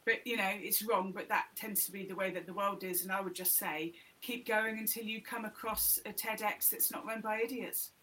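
A woman with a middle-class English accent talks frankly and with energy as a podcast guest. Her voice is bright and crisp, and she comes through on a remote call from home. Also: medium pitch, steady tone, moderate pace, hardly any pauses, rough recording. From north of England. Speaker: guest, TEDx organiser. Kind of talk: casual podcast chat.

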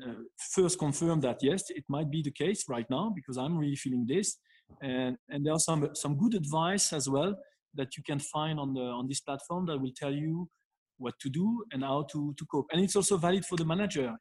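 Man, husky voice, slightly high, halting, lots of fillers, interview guest. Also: darkish tone. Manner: halting, many fillers and restarts. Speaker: guest expert. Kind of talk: interview answer.

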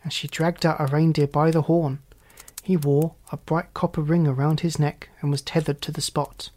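A storyteller reads a fairy tale aloud in a mid-pitched voice. The narration is steady and even from line to line. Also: normal speed. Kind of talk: storybook reading.

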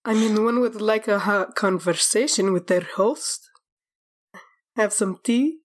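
A woman's voice: a little high, normal speed, lightly acted. A woman voicing a pompous young male noble with a fancy, overly polite way of speaking.

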